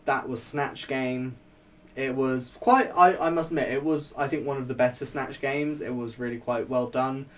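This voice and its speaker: A man giving a casual, rambling spoken review, full of fillers and quick laughs. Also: mid-range voice, steady tone, recorded from a distance. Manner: chatty, rambling, laughs often, many fillers. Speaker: vlogger reviewing a TV show.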